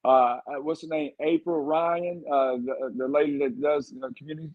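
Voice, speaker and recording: A man's voice: fairly high pitch, fairly even intonation, a little fast, narrow, tinny audio. A man, a candidate for governor, giving fired-up, rambling answers in a podcast interview. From Texas. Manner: fired-up, rambling campaign talk.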